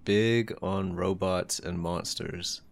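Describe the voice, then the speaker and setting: A man's voice: deep voice, fairly even intonation, slow pace, gravelly, heavy background noise. A man co-hosting a podcast with laid-back, chuckling banter. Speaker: podcast co-host. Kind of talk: casual podcast chat.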